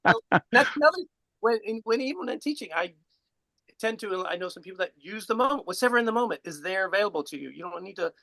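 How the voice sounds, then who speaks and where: A man's voice: sits high, fast, creaky, no room sound, low-quality recording. A man on a video call giving a casual spiritual teaching, rambling and chuckling as he tells a story. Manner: relaxed, rambling, chuckles while telling. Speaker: guest speaker.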